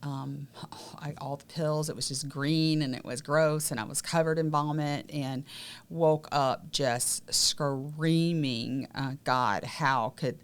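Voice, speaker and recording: A woman with a Southern accent, candidly recounting her personal story in a podcast conversation, often dropping to quiet, emotional tones. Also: low voice, steady tone, slow. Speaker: podcast co-host sharing her survival story.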